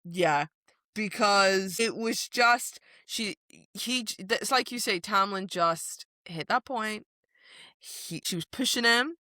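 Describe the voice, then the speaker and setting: Woman, podcast co-host, casual book chat, animated, bright tone, dry close sound. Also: mid-range voice, slow, no room sound. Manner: animated, acts out characters' lines.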